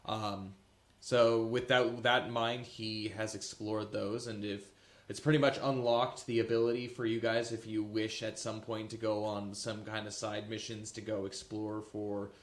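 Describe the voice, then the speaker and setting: Low-voiced man narrating a tabletop game. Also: little pitch movement. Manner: casual, halting, many fillers. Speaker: game master. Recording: echoey room with faint music.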